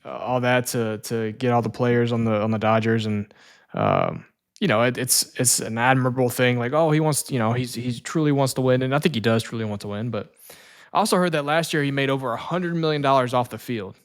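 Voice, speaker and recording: A man's voice: medium pitch, expressive, fairly quick. A man co-hosting a casual sports podcast, rambling and restarting his sentences as he talks. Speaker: podcast co-host.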